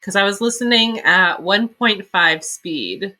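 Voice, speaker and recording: A woman's voice: medium pitch, unhurried, sharp tone. A woman co-hosting a podcast, blunt and laughing often, swearing freely in a casual book review. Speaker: podcast co-host.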